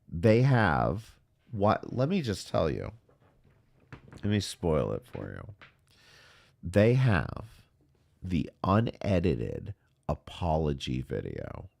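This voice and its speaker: A man hosting a commentary show, talking in a sarcastic, deadpan way. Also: deep voice, takes it slowly, vocal fry, pauses often. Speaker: commentary channel host. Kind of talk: casual mocking commentary.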